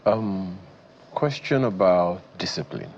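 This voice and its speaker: Nigerian guy hosting tv talk show, slow and low, bit muffled with faint hiss. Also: sing-song, creaky. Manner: measured, reads viewer messages. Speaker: TV show co-host.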